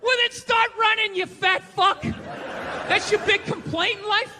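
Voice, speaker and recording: A male stand-up comedian doing a blunt, profane, ranting routine on a talk show stage, often shouting. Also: very high-pitched, fairly even intonation, unhurried, a crowd in the background, background noise. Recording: live studio audience, reverberant hall.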